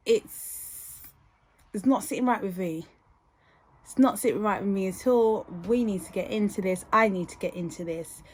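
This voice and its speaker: A young British woman hosting a podcast, reacting in an animated, indignant way and talking straight to her listeners. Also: mid-range voice, moderate pace, slight background noise. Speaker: podcast host. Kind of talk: casual podcast commentary.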